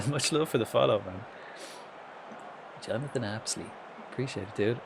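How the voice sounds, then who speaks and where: Excitable Irish man streaming a game. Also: medium pitch, a little slow, pauses often, background noise. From Ireland. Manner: swearing, excitable, chatting with chat. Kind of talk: live game commentary.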